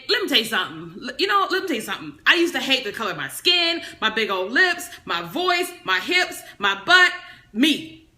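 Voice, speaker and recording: A woman hosting a live stream, teaching and motivating in a bold, loud, animated and talkative way. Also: fairly high pitch, a little fast, reverberant. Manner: preachy motivational, talks on and on. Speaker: business coach livestream host.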